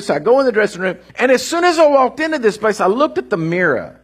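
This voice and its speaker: This is a middle-aged man preaching a sermon. His voice sits high and sounds husky. He tells folksy stories with lively swings of pitch and sudden rising bursts. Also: quick pace, hardly any pauses. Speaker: pastor.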